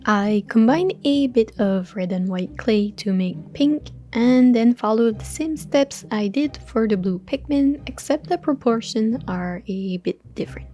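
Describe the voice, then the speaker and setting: A woman narrating a craft tutorial in a relaxed voice-over, with dry, understated humor. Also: fairly high pitch, unhurried, few pauses. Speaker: crafting channel host.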